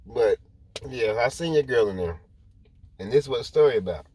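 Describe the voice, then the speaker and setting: A man's voice: medium pitch, expressive, brisk, mellow. A man rambling through a personal story to his viewers in casual talk, repeating himself as he goes. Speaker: vlogger.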